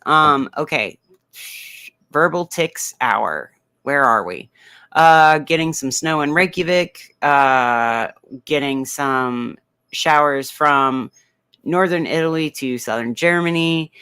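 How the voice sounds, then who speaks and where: Slow, bright-voiced man hosting a weather stream. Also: on the high side, lively intonation, clean tone, dry recording. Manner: rambling and playful, with many fillers. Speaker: comedic weather host. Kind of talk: casual livestream weather commentary.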